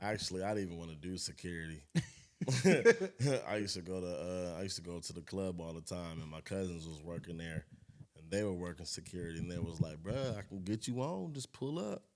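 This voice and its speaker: A man's voice: deep voice, a little fast. A young adult man, a security worker and chef, chatting casually as a podcast guest and acting out quotes. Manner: animated, acts out quotes in raised voice. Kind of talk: casual storytelling chat.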